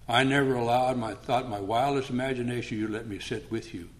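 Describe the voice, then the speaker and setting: A man's voice: medium pitch, fairly even intonation, brisk. An older man speaking at a recovery meeting, telling his story in a plainspoken, humorous way. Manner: humorous, plainspoken, acts out past conversations.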